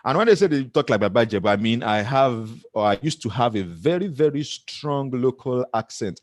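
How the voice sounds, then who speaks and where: Nigerian-accented man, middle-aged motivational speaker, earnest and self-mocking, mid-pitched, dry close sound. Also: expressive, brisk, few pauses, darkish tone, no echo. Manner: earnest, laughs often at himself. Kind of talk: motivational talk to camera.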